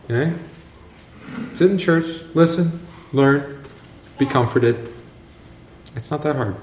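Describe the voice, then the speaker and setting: A man's voice: medium pitch, takes it slowly, pauses often, darkish tone. A man leading a casual Bible study, joking and quizzing his class as he reads passages aloud. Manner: chatty, joking, asks the class questions. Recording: echoey room, faint noise.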